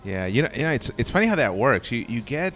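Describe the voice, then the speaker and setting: A man hosting a casual interview, speaking haltingly and often repeating his words. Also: medium pitch, big pitch swings, fairly bright tone, faint music behind. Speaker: podcast host. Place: barbershop.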